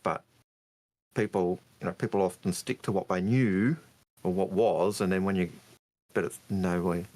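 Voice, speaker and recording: Man, very low voice, casual podcast chat, hesitant. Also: fairly even intonation, moderate pace, darkish tone. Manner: hesitant, many fillers. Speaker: podcast co-host.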